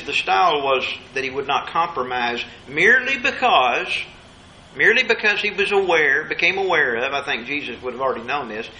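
A man's voice: on the high side, pushed and bright, slight background noise, poor audio. A man preaching a Bible study sermon, emphatic and repeating his key phrases for weight.

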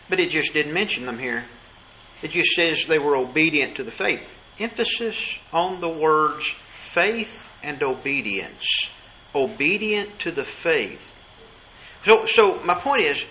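A man preaching a sermon, asking rhetorical questions and slowing down to stress key words. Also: fairly high pitch, bright, forceful tone, slight background noise, poor audio.

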